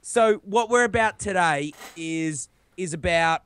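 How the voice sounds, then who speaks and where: An Australian man co-hosting a podcast, laid-back and jokey with slang and swearing, his voice a little rough from being sick. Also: high-pitched, slow, fairly bright tone. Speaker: podcast co-host. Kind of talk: casual podcast chat.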